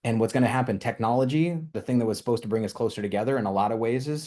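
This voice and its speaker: A man with a fairly low voice delivers a motivational training talk to his team. He rambles with passion, restarting sentences and tossing in "right?" as he builds his points. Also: fast, hardly any pauses, a little mellow. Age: young adult to middle-aged, with a toddler. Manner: rambling and impassioned, with frequent restarts and tag questions. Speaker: company leader giving a team training.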